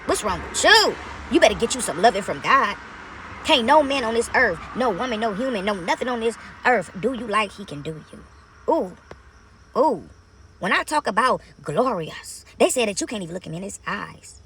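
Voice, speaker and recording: Sitting in her parked car, this woman shares her faith with viewers, emphatic and repetitive, addressing them as honey and baby. Her fairly bright voice runs on the high side with a sing-song lilt at normal speed, and there's a little hiss or hum.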